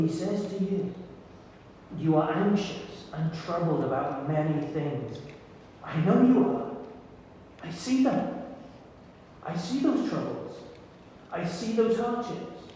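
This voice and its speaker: A man preaches a sermon in an earnest, intimate way, with soft pauses. His voice sits fairly high and sounds mellow. He is picked up from a distance, with a long hall reverb and faint noise behind him. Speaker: pastor. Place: church hall.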